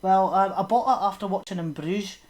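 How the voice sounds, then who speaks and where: Speaking a little fast in a medium-pitched, slightly mellow voice, a female podcast co-host rambles casually about horror movies. Fillers and trailing laughter run all through her talk.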